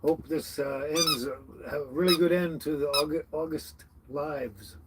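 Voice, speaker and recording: A man's voice: a little high, measured pace, heavy background noise. A man hosting a casual livestream, greeting each viewer by name in a friendly, chatty way. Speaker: livestream host. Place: tiny house on wheels.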